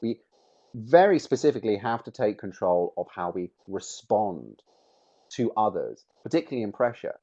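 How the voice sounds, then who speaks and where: A middle-aged man with a lowish voice presents a webinar, leaning on key words to drive his points home. The audio is dull and lo-fi, like a typical online session. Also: very animated, normal speed, dark tone. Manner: emphatic, varies stress on words to make points.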